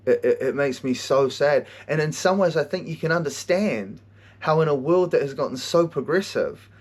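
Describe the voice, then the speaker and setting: Animated, foul-mouthed male podcast host. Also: on the high side, moderate pace. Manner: animated storytelling, heavy swearing, frequent laughter. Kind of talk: casual monologue.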